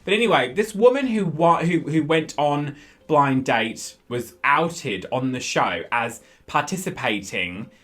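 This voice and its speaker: An English man co-hosting a casual chat, telling stories animatedly and breaking into loud impressions. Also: a little high, animated, measured pace. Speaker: co-host.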